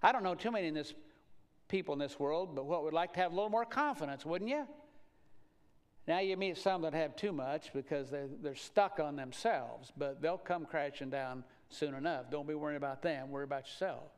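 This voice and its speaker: A man preaching a sermon in a folksy, earnest way, moving between loud exhortation and quiet asides. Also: on the high side, brisk, smooth. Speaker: pastor.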